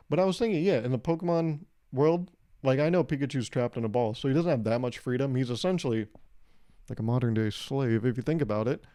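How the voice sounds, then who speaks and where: A man's voice: mid-range voice, brisk, warm tone, clear, resonant tone. A man hosting his own comedy podcast alone, rambling through jokey asides in a self-deprecating way. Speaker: podcast host. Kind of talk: solo comedic podcast monologue.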